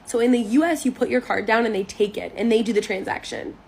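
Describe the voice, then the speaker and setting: A woman's voice: on the high side, quick pace, creaky. Canadian woman vlogging, chill and chatty, faint room noise behind. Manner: relaxed, chatty comparisons. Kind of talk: casual vlog talk to camera.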